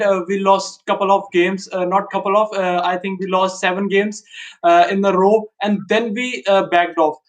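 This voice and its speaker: High-voiced man, eager and halting. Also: a bit bright, poor audio. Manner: enthusiastic, halting, repeats himself. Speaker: fan guest. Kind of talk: casual fan chat.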